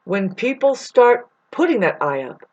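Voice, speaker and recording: Woman, vlogger, spiritual monologue, rambling, profane, slightly high voice. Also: very animated, a little slow, lo-fi sound. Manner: intense, profane, digressive.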